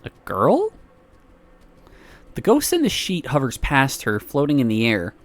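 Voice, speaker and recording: A man streaming, reading a visual novel aloud with expressive narration and laughing asides. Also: mid-range voice, measured pace.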